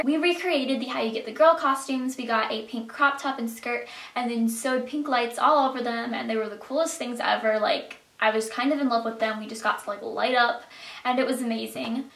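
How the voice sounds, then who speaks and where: Teen girl, storytime vlog, excitable, gravelly fry, echoey room. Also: a little high. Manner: excitable, chatty, lots of fillers. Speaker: vlogger.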